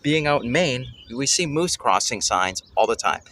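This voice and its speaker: A man hosting a family travel show, telling a story casually and excitedly, often pausing to search for words. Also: mid-range voice, a little hiss or hum. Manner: excitable, gropes for words, exclaims "holy cow".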